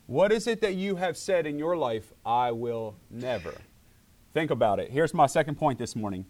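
A middle-aged man preaching a sermon to his church, animated and acting out voices when he quotes people. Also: medium pitch, normal speed. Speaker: pastor.

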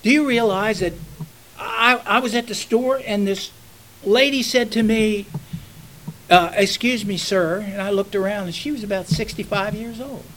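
A man's voice: high-pitched, moderate pace, fairly bright tone, low-quality recording. An older man, a pastor preaching a sermon in a folksy storytelling manner that rises into fervent exhortation.

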